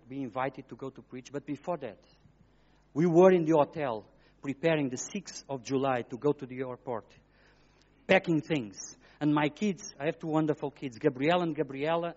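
A middle-aged man giving an emotional testimony sermon as a guest preacher, in simple, broken phrasing, swinging between hushed and loud. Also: a little high. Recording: dull lo-fi recording.

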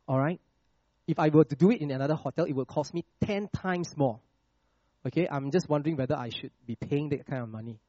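A man preaching a sermon with a personal testimony, checking in with the congregation with "all right?" and "okay?" and dropping to a hush on scripture lines. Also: fairly high pitch, no room sound, highs cut off. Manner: slows and drops to a hush on scripture phrases.

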